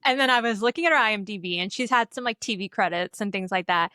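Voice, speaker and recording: Young female podcast co-host, bubbly casual talker with a bright voice. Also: mid-range voice, fast, hardly any pauses, no room sound, clean studio sound. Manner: chatty, bubbly, full of "like" and "um". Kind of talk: casual chat.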